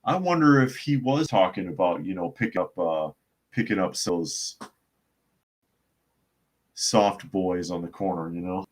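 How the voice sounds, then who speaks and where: A man's voice: sits low, lively intonation, a little slow, pauses often. A man hosting a casual live stream, chatting and reading viewer comments aloud between laughs. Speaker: host.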